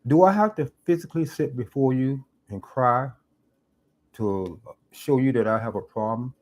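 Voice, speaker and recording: Sitting in a parked car, a middle-aged YouTube commentator offers a reflective vlog monologue, earnest and somewhat preachy, repeating phrases to drive his points home. His mid-range voice is a little mellow and moves at a moderate pace.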